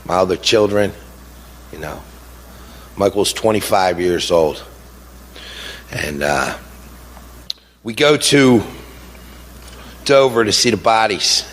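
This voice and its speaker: A middle-aged man speaking as a grieving father in an impassioned speech, halting with fillers at times and indignant at others. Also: deep voice, lively intonation, fairly bright tone, a little hiss or hum. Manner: indignant, rising to heated outbursts. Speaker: grieving father giving a talk.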